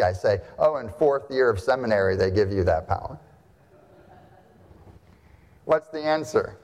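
A man's voice: mid-range voice, darkish tone. Man, pastor, conversational sermon delivery full of rhetorical questions, church hall with a long echo. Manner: conversational, asks rhetorical questions, frequent "right?". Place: church sanctuary.

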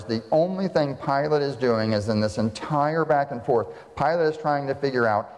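A male pastor preaching a sermon in a church hall, lively and full of rhetorical questions. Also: mid-range voice. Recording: long hall reverb.

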